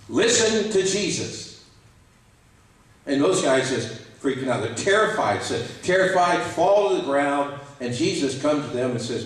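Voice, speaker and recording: A man preaching a sermon as pastor, animated and acting out quoted voices. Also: on the high side. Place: church sanctuary. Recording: echoey church hall, mic at a distance.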